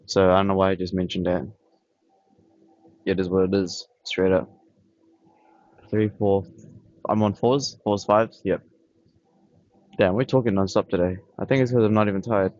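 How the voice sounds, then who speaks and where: A man with a fairly low voice rambles bluntly to his camera, dismissive and repetitive. The sound is dry and close, with dull lo-fi camera audio. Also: steady tone, normal speed, long pauses, darkish tone, dry recording. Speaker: vlogger. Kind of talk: casual rambling monologue. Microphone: camera on tripod.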